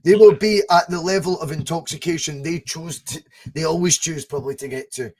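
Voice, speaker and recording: A Scottish man hosting a casual podcast, animated and chatty, acting out little scenes as he tells stories. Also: on the high side, fairly quick. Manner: animated storyteller, acts out voices in anecdotes. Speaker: podcast host.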